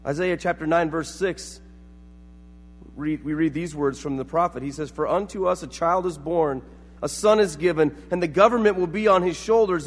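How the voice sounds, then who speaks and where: High-voiced man preaching in a reverberant hall. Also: moderate pace. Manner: storytelling with acted-out quotes. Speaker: pastor. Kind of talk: sermon.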